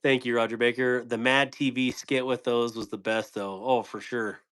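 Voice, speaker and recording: A man's voice: medium pitch, little pitch movement, normal speed, a bit bright, clear, resonant tone. Playful man chatting on a live stream. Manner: playful, laughs often, trips over words. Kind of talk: casual live-stream chat reading comments.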